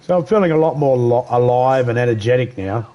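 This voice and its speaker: A man's voice: mid-range voice, expressive, a little fast, muffled recording. A man with an Australian accent chatting casually on a live game stream, greeting viewers by name and cracking crude jokes. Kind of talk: casual live-stream chat over gameplay.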